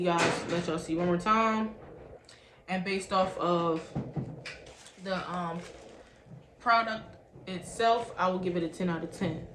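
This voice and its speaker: Woman, beauty vlogger, casual and talkative, mid pitch, recorded at home with roomy echo. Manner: chatty, says "y'all" constantly. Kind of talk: casual product review. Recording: roomy echo, faint background hum.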